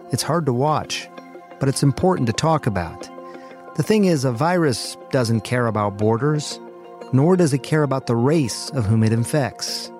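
A man hosting a news podcast, reading a scripted narration in a calm, measured, earnest way. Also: medium pitch. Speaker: medical correspondent and podcast host.

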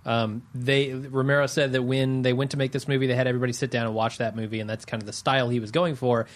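A man's voice: mid-range voice, little pitch movement, fast. Laid-back dude, medium voice, kinda unsure, goes along with his buddy. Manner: easygoing and agreeable, hesitant. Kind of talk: casual film discussion.

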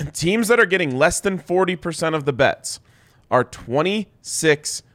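A young man co-hosting a sports betting show, clearing his throat and saying he is losing his voice as he runs through betting stats. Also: a little high, lively intonation, unhurried, a bit bright. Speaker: sports betting podcast co-host. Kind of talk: casual sports betting chat.

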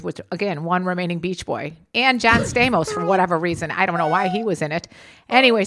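A woman telling a long anecdote in casual chat, animated, swearing freely, often repeating herself. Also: mid-range voice, a little hiss or hum. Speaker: storyteller in a casual two-person chat.

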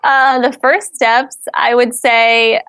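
A woman's voice: a little high, flat delivery, takes it slowly, fairly bright tone, smooth, dry recording. A woman answering interview questions as a house flipper, earnest and candid with a dry sarcastic streak.

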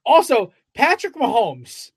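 A man's voice: very high voice, wildly swooping pitch, slow pace, creaky, breathy edge, dry recording. A man co-hosting a casual sports podcast, ranting with heavy profanity. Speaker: podcast co-host.

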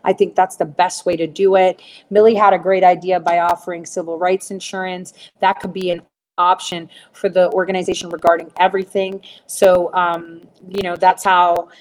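Middle-aged woman host, low-pitched, blunt and profane, rambling casual rant to her audience. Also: little pitch movement, normal speed. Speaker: livestream host answering viewers.

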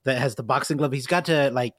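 A man co-hosts a podcast, talking fast in an amused, casual way. The close mic sounds dry and direct. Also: medium pitch, no echo. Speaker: podcast co-host. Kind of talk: casual chat.

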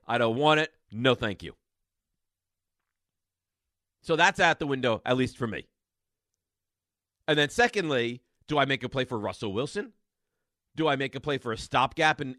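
A man's voice: mid-range voice, bright, forceful tone, no echo, studio quality. A man hosting a sports radio show, ranting in a rambling, exasperated monologue full of restarts.

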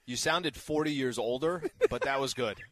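A man's voice: mid-range voice, moderate pace, a bit bright. A man co-hosting a radio talk show, joking in casual banter. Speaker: radio co-host. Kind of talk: casual chat.

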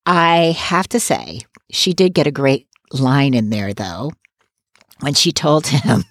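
A woman's voice: a bass voice, big pitch swings, takes it slowly, no echo, clean studio sound. A woman co-hosting a podcast recap, talking in an opinionated, casual way and laughing between points. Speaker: podcast co-host.

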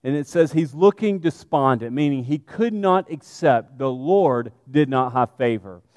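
A man preaching a sermon, animated and conversational, speaking straight to his congregation. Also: mid-range voice, measured pace, no room sound, studio quality, long reverb tail.

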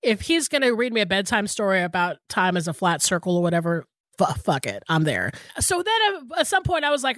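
A woman's voice: medium pitch, very animated, a little fast, a bit bright, no echo, studio quality. A woman in her thirties co-hosting a podcast, telling a story in casual chat with lots of "like" and some swearing. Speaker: podcast co-host.

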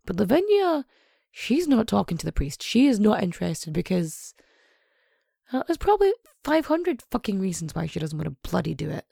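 A woman's voice: medium pitch, big pitch swings, moderate pace, creaky, warm tone, breathy edge, no room sound, studio quality. A young woman casually retelling a true crime story, sweary and sarcastic, with lots of asides.

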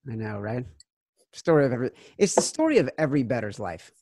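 Excited podcast guy in his 40s, dry close mic, jumps loud when quoting people. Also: medium pitch, fast talker, no echo. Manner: animated storyteller, acts out quotes loudly. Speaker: podcast co-host. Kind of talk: casual sports betting chat.

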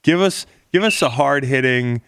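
A man's voice: medium pitch, lively intonation, normal speed, a bit bright, smooth, no room sound, clean studio sound. A man, a former football player, hosting a casual podcast chat, joking and teasing his guest with lots of restarts.

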